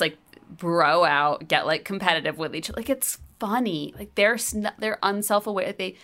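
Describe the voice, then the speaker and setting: A woman with a low voice chats on a podcast, loose and rambling. She swears freely and leans on "like" as filler. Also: vocal fry, fairly bright tone. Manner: chatty, profane, lots of filler "like". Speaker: podcast co-host. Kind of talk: casual chat.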